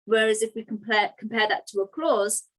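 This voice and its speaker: A woman's voice: mid-range voice, steady tone, brisk, low-quality recording. A woman teaching an online grammar lesson, explaining step by step and checking in with "right?" and "okay".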